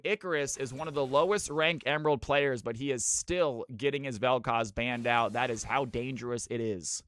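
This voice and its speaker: A male streamer chatting playfully with viewers and shoutcasting a custom game with hype. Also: mid-range voice, moderate pace, hardly any pauses, dry recording. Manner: playful, joking, laughs often, turns hype when casting. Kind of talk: live stream chat and esports play-by-play.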